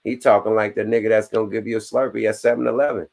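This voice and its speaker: A man's voice: on the low side, little pitch movement, quick pace, gravelly, darkish tone. A man hosting a casual podcast chat, talking bluntly with plenty of profanity and laughing asides. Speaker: podcast host.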